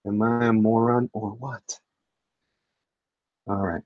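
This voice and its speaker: A man's voice: medium pitch, expressive, moderate pace, long pauses, a little mellow, no echo, lo-fi sound. A man, a comic artist, chatting casually to his livestream audience while he draws, rambling and poking fun at himself. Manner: rambling and self-deprecating, talks to chat.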